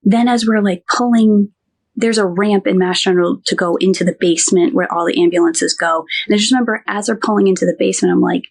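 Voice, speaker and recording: A young woman with a slightly breathy, husky voice tells a personal story as a podcast guest. She speaks in an animated way, filling her talk with "like" and acting out other people's lines. Her pitch sits in an ordinary middle range. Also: quick pace. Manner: animated, acts out quoted dialogue, frequent "like".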